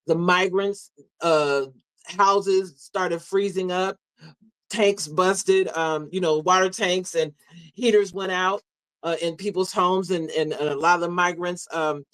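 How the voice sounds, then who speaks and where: A man telling a story in a live audio discussion, halting and full of fillers. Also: high voice, steady tone, fairly bright tone, clean tone, no echo, rough recording. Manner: halting, many fillers and restarts. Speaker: guest speaker.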